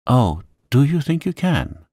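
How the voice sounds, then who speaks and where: A man's voice: deep voice, big pitch swings, unhurried, creaky, a little mellow, breathy edge, no room sound, studio quality, heavily acted. A man voicing a plump, helpless woman fretting over a crying child in a storybook reading. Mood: flustered. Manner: flustered and pleading.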